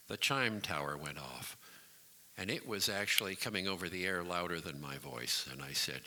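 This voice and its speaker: A man's voice: deep voice, animated, normal speed, bright, forceful tone. A man in his sixties telling a comic story from his college radio days on stage at a community hall, with dry timing and mock announcer voices. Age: 60s. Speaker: variety show storyteller.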